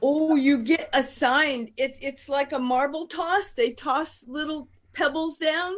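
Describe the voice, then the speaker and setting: A woman's voice: high voice, slow. A woman playing a patient but stern angel instructor in an improv scene, explaining in long, meandering turns. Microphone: video call.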